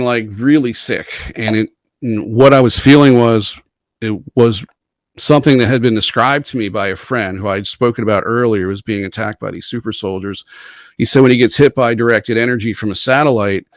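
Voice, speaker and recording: A man's voice: mid-range voice, dry recording. Man earnestly recounting a strange experience. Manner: rambling and earnest, with frequent restarts and quoted dialogue. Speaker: interview guest. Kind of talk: first-person storytelling in an interview.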